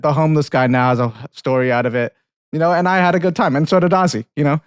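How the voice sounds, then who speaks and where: A man's voice: a little high, steady tone, quick pace, smooth, dry recording, studio quality. Rambling, laughing young man on a podcast. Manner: rambling, laughs often, swears, many restarts. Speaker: podcast co-host. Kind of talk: casual chat, film review and anecdote.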